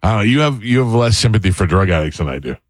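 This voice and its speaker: Radio host, male, very low voice, rapid delivery, acts out stories, dry studio mic. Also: sing-song, no room sound. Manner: storytelling, acts out both sides of exchanges. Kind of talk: casual morning radio banter.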